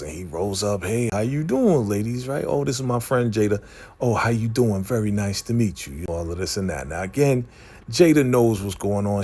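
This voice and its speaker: Husky low-voiced guy doing a chatty tv recap, acts out the lines. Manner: animated retelling, acting out characters' lines, frequent "you know what I'm saying". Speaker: TV recap host. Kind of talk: casual episode recap.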